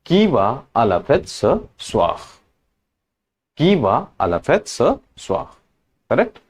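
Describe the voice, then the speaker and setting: A man teaching French question words in a slow, patient lesson, repeating each word and example. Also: medium pitch, wildly swooping pitch, slightly rough. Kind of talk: language lesson.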